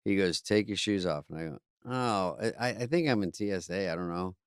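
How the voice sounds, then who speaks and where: Male podcast co-host, sarcastic storyteller who swears freely, lively pitch, dry close mic. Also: fairly quick, smooth, no echo. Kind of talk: casual chat.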